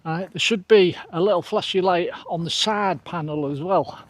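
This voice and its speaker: A man's voice: high-pitched, moderate pace, no room sound. A middle-aged man, chatting casually to an action camera outdoors and laughing often at himself. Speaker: trail running vlogger. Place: outdoors on a trail.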